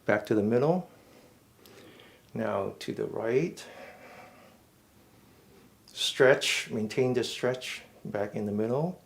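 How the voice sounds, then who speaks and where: A man leads a mindful fitness class in a mid-pitched voice. He gives slow, step-by-step cues for each stretch and often checks in with a quick "okay?". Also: lively intonation, vocal fry. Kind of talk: guided stretching instruction.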